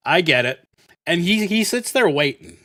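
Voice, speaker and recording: A man's voice: high voice, big pitch swings, normal speed, sharp tone. A man hosting a gaming channel, telling a rambling, profane story full of fillers. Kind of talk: casual storytelling while playing.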